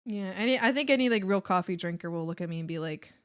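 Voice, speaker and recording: Bubbly, lively young-sounding woman streamer. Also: mid-range voice, fast, clear, resonant tone. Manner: bubbly, laughs a lot, swears playfully. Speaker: art streamer. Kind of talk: casual chat while drawing, reading chat.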